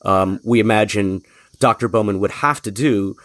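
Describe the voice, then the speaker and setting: A podcast host interviewing a guest, asking long, thoughtful questions. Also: male voice, lowish voice, moderate pace, dry recording.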